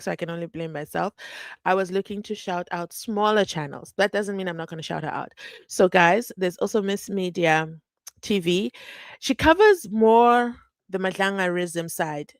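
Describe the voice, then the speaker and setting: A woman's voice: medium pitch, no echo. A woman hosting a live stream, chatting animatedly and reading viewer comments aloud. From South Africa. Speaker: livestream host.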